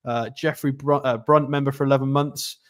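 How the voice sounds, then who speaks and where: A man hosting a live football watchalong, chatty and excitable, reading out and thanking viewer messages. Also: mid-range voice, brisk. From North East England. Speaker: football channel host. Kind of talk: live match watchalong commentary.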